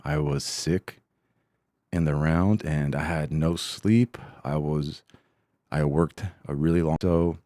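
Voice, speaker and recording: Very deep-voiced casual man. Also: steady tone, slow pace, warm tone, dry recording, clean studio sound. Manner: rambling, self-deprecating, laid-back. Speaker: podcast host. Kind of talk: casual solo podcast chat.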